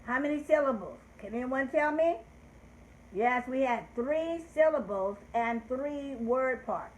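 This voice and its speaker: A woman's voice: sits high, animated, measured pace. An older woman hosting a live children's lesson, speaking in a patient, sing-song teacher voice. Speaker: children's show host teaching calendar. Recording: echoey room with faint background noise.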